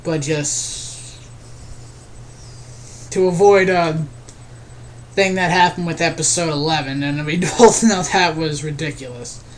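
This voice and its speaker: Young guy rambling thru a vlog update, kinda high voice, bit of hiss behind him. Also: takes it slowly, pauses often. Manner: rambling, restarts often, earnest. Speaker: video creator.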